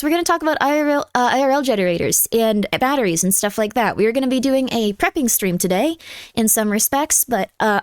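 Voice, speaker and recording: A woman's voice: high voice, smooth, no echo, studio quality. A woman livestreamer in casual chat, rambling and breaking off her own sentences while she reads out viewer messages. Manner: rambling, scattered, self-interrupting.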